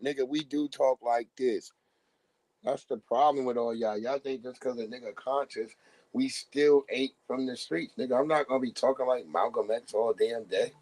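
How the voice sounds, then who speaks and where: A man doing a casual live-stream rant as a commentator, profane and animated, mocking his subject and breaking into laughter often. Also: mid-range voice, no echo. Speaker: livestream commentator.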